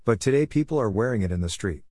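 A man's voice: lowish voice, expressive, quick pace, a little mellow, no room sound, studio quality. A man preaching an earnest, solemn sermon testimony about a vision of heaven.

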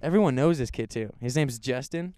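A young man co-hosting a podcast, telling stories with loud high-pitched impressions of other people. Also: fairly quick, dry recording, clean studio sound. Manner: animated storyteller, yells high when quoting people. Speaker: podcast co-host. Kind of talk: casual chat.

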